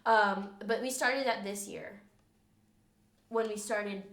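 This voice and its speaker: A young woman co-hosting a podcast, telling stories in quick, slangy casual chat and often breaking into giggles. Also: medium pitch, steady tone, fairly bright tone. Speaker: podcast co-host. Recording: echoey room.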